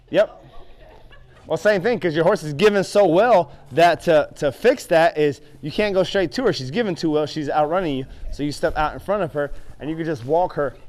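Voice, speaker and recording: A middle-aged horse trainer with a notably high voice tells vivid stories, acting out his own reactions. He coaches a student through groundwork in an arena in the same animated way. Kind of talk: storytelling and hands-on riding instruction.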